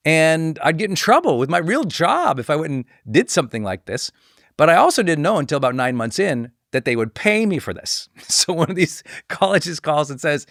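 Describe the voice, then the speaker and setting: A middle-aged man hosting a podcast, telling a personal story in a lively way and acting out the voices of the people he quotes. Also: fairly quick, no room sound, studio quality. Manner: animated, acts out quoted voices with pitch jumps. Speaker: podcast host.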